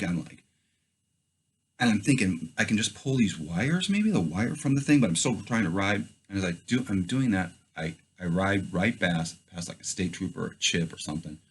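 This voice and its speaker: A man's voice: deep voice, normal speed, slightly rough. A man casually telling a first-person story in a loose, profane way, acting out his own past thoughts as he goes. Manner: loose, profane, animated retelling with quoted inner thoughts.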